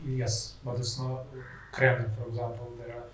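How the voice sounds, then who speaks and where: A man with a Russian accent, a podcast guest chatting casually, pausing often to search for words. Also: medium pitch, little pitch movement, far from the mic, slight background noise. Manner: halting, searching for words with many uh fillers. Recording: echoey room, voice off-mic.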